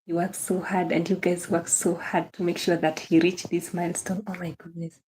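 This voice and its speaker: A young woman with a Kenyan accent hosts a casual livestream, welcoming viewers one by one and repeating her thanks and praise. Her voice sits low and sounds mellow and soft-edged. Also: level tone, moderate pace, slight background noise. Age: young adult. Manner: effusive, repeats phrases, greets viewers by name. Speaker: livestream host.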